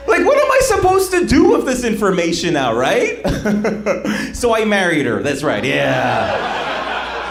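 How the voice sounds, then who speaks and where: Lively high-voiced male stand-up comic. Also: slow pace, creaky, long pauses. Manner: animated storytelling, laughing at own jokes. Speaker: stand-up comedian. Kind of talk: stand-up set. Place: comedy club stage. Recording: roomy live club with crowd laughter. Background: audience laughing.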